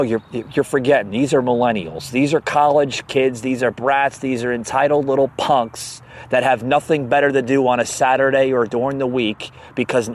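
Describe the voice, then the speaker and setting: A man hosting a podcast, ranting heatedly about politics, stammering and repeating himself as he gets worked up, with bursts of mocking sarcasm. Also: medium pitch. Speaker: podcast host.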